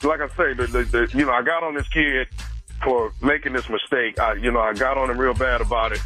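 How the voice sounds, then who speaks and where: Man, radio prank caller, bright voice, hesitant, stumbling over fillers, music bed behind. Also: medium pitch, fairly even intonation, brisk, poor audio. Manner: hesitant, apologetic, full of fillers. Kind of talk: prank phone call.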